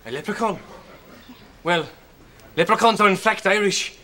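An actor playing a cheeky grown Scottish son working in his father's shop, teasing with quick comebacks and mock sentiment, with a Scottish accent. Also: sits high, sharp tone, slight background noise. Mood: polite. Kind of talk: sketch comedy acting.

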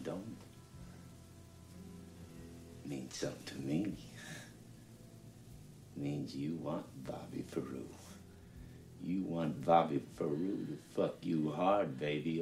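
A sleazy, menacing drifter. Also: male voice, deep voice, full character voice. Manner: leering, slow taunting drawl. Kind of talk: film drama acting.

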